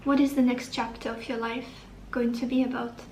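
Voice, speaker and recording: A woman's voice: fairly high pitch, little pitch movement, moderate pace, reverberant, far from the mic, noisy background. A woman giving a tarot reading to the camera, upbeat and encouraging, thinking aloud as she turns over cards. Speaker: tarot reader.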